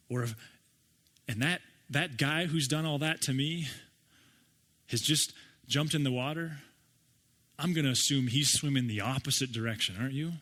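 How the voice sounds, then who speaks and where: A pastor with a fairly high, fairly bright voice preaches a sermon conversationally, frequently putting rhetorical questions to his listeners.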